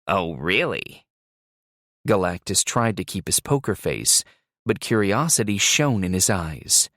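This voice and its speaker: A man reading a thriller audiobook in a slow, measured storytelling voice. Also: lowish voice, animated, a bit bright, no room sound, studio quality. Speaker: audiobook narrator. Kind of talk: scripted narration.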